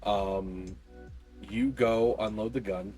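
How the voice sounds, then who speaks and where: A man runs a tabletop game, narrating the action in a fairly low voice. He often hesitates with ums and uhs as he describes each scene. Soft music plays quietly underneath. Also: fairly even intonation, takes it slowly. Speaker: game master.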